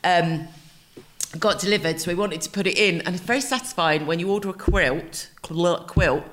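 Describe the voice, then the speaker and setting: A woman, co-hosting a podcast in casual chat, talking in quick asides and laughing easily. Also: on the low side, fairly bright tone. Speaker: podcast co-host.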